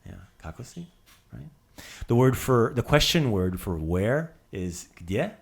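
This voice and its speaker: A man's voice: mid-range voice, big pitch swings, a little slow, gravelly, slightly rough. A man hosting a casual language lesson, drilling words with playful asides. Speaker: language teacher.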